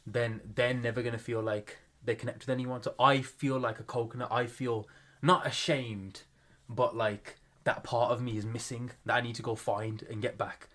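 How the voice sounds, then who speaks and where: A man's voice: mid-range voice, little pitch movement, normal speed, a bit bright. A young man talks casually as a podcast co-host, chatty and self-mocking. He often laughs between his phrases.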